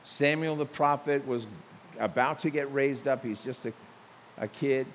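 A man preaching a sermon, telling stories and acting out quotes with lively emphasis. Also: medium pitch, measured pace. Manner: animated preaching with acted quotes and storytelling. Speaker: pastor. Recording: long hall reverb with faint hiss.

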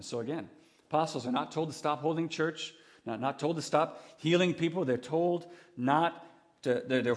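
A man preaching a sermon in an earnest, conversational way, animated and full of restarts. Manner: animated, acts out quoted voices with big pitch swings. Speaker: pastor.

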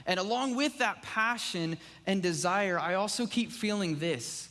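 High-voiced man preaching in a reverberant hall. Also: a little slow, bright, forceful tone. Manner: conversational, fills with "like" and "right?". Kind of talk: casual sermon. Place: church sanctuary. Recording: long reverb of a church hall.

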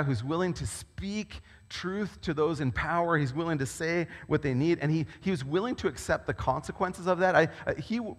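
A man preaching a sermon as a pastor, talking in a conversational, animated storytelling way. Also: fairly high pitch. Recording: long reverb of a large hall.

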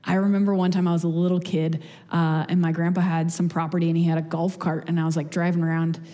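A woman's voice: fairly low pitch, level tone, fast talker, warm tone. A young woman giving a casual, conversational sermon, chatty and self-deprecating, with storytelling asides. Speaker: speaker giving a church message. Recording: long hall reverb.

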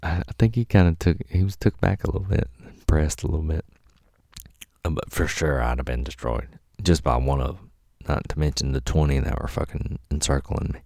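A man's voice: a bass voice, a little fast, gravelly, warm tone, dry recording, studio quality. A man casually telling a rambling, profane story and acting out the voices of the people in it.

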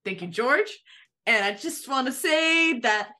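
A woman's voice: sits high, lively intonation, measured pace, sharp tone. A woman co-hosting a podcast in casual chat, rambling and laughing as she talks. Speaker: podcast co-host.

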